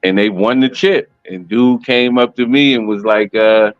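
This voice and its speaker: A man's voice: lowish voice, normal speed, no echo, highs cut off, soft background music. A man guest on a casual live-stream chat, telling his story candidly with frequent restarts.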